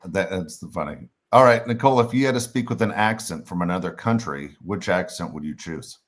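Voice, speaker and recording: Deep-voiced joking man co-host. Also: expressive, fairly quick. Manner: joking, laid-back, swears casually. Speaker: podcast co-host. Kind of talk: casual chat.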